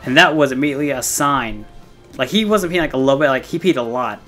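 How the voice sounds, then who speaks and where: A man's voice: medium pitch, fast, sharp tone, faint music behind. Rambling young man telling a story. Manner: rambling, heavy on fillers and swearing. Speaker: gaming streamer. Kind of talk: casual storytelling while playing a game.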